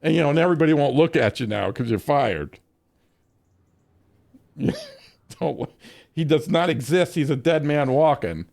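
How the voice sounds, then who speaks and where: Profane rambling man with a high voice. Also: expressive, a little slow, gravelly, pauses often, a little mellow. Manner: profane, rambling, laughs often. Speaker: game streamer. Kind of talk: casual storytelling during a game stream.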